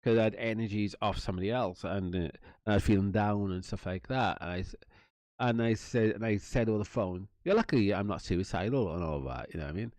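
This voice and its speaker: A man's voice: on the low side, a little fast, a little mellow, no room sound. A Welsh man telling a long personal story in a casual, rambling way, swearing often, laughing and acting out the other people's lines. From Wales. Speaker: channel host telling a story.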